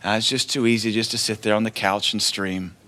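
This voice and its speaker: A man preaching a sermon in a loose, conversational way, swinging between quiet asides and loud declarations. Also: on the low side, level tone, a little fast. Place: church.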